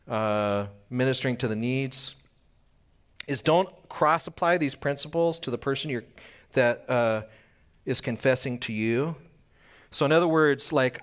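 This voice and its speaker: A man's voice: medium pitch, fairly bright tone. A man preaching a sermon in a conversational way, asking the listeners questions and acting out little scenes. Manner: acts out little scenes with quick voice changes. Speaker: pastor.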